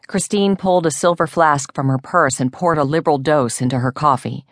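A woman narrating a romance audiobook with expressive storytelling. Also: extremely low pitch, moderate pace, no echo, clean studio sound.

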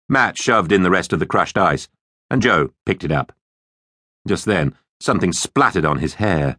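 A man reads a children's story aloud with a very deep voice. His delivery rises and falls with lively expression, and the close studio sound is dry. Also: moderate pace, breathy edge, dry recording. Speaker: audiobook narrator. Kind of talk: scripted children's story narration.

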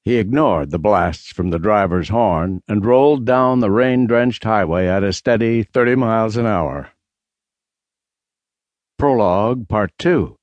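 A man narrating a mystery audiobook in a steady, measured read. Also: lowish voice, dry recording, muffled recording. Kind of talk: scripted narration.

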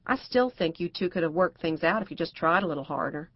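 A woman's voice: on the low side, lively intonation, quick pace, no echo, highs cut off. A woman narrator voicing a prim, cautious middle-aged housewife who speaks properly and frets. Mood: prim, fretful. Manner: proper and fretful.

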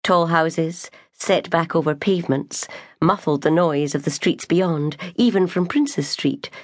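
A woman narrating an audiobook in a measured, gentle way. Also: sits low, dry recording, clean studio sound. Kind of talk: scripted narration.

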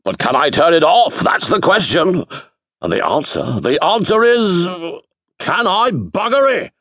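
A deaf old wizard, as a male audiobook narrator puts him on, bellows every line as if shouting into a gale. His voice is pushed well above the reader's own low pitch and swings widely, with a husky edge. He sounds pleased with himself throughout. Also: big pitch swings, measured pace, no echo, clean studio sound, full character voice. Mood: indulgent. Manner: bellowing, self-satisfied. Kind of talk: audiobook character voice.

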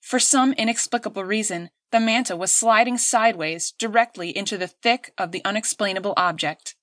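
A woman narrating an audiobook in a steady, clear storytelling voice. Her pitch sits in the middle of the range. She is recorded on a close studio mic with a dry, dead sound. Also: brisk, hardly any pauses, no echo. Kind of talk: scripted narration.

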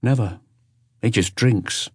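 A hard, unflinching older woman with nothing to hide, as a male narrator puts her on in a raised voice. She answers flatly and bluntly in an audiobook. The sound is close and dry. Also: lowish voice, slow pace, slightly rough, no room sound, voice pushed up. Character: flat-voiced older woman, ex-convict cleaner.

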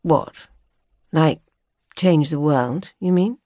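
A woman's voice: low-pitched, slow pace, warm tone, no room sound. A woman narrator voicing a posh young man, offhand and flippant, in an audiobook. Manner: offhand, drawling. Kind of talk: audiobook character voice. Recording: dry studio recording.

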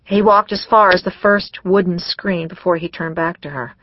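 An audiobook narrator reading a mystery novel in a measured, scripted way. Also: medium pitch, fairly even intonation, dry recording, highs cut off.

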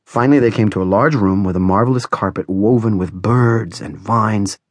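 A man narrates a novel in a measured, dramatic reading. His voice sits fairly low, and the recording is dry and close with no room sound. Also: no echo. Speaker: audiobook narrator. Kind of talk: scripted narration.

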